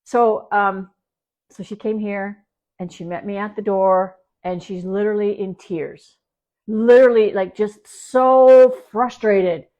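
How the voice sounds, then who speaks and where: A woman's voice: mid-range voice, fairly even intonation, slow pace, warm tone. A woman dog trainer from Canada chats through a live stream from her home. She rambles, restarts her sentences and leans on fillers as she tells a story. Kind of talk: casual livestream talk.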